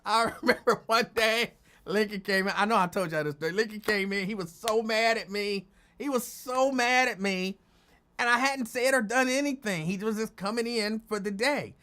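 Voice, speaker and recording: A man hosting a casual talk show, telling stories in a loose, animated way, jumping high in pitch when he quotes people. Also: moderate pace. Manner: animated, acts out quotes with big pitch jumps. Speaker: radio host. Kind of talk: casual storytelling chat.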